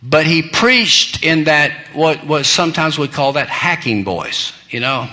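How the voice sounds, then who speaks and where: A man's voice: fairly high pitch, animated, a little slow, pushed and bright. A male pastor telling humorous stories in a sermon, folksy and self-deprecating, laughing at his own jokes.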